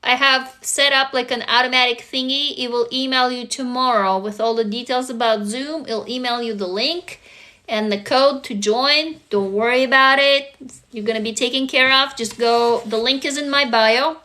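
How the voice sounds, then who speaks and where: A woman's voice: a little high, fairly even intonation, normal speed, sharp tone. A woman hosting a casual livestream, talking to viewers bluntly and swearing freely. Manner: blunt and profane, emphatic. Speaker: livestream host answering viewers.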